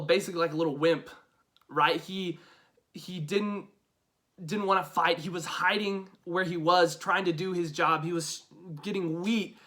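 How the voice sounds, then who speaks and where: Young male youth pastor, high bright voice, chatty storyteller giving a casual devotional. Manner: chatty, storytelling, lots of "right?".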